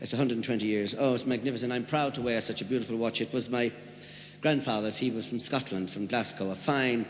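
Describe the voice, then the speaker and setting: A man's voice: mid-range voice, fast, a little hiss or hum. A man telling jokes in a live stand-up comedy routine, a jovial storyteller who leans into his punchlines. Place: large hall with audience. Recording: live hall with echo and long reverb.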